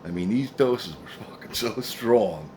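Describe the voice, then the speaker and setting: A middle-aged man, low in pitch, tells a meandering, profane story in a casual way. He keeps circling back with asides. A faint noise sits under the recording. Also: animated, measured pace, a little mellow. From New Jersey, USA. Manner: rambling, profane, frequent "anyway" asides.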